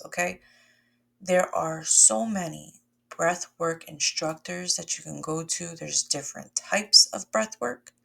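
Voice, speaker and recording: A woman with a lowish, gravelly voice guides a breathwork lesson. She talks to her listeners in a friendly, conversational way, calling them "y'all" and "my loves" as she coaches them through each breath. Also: fairly bright tone. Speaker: somatic wellness coach.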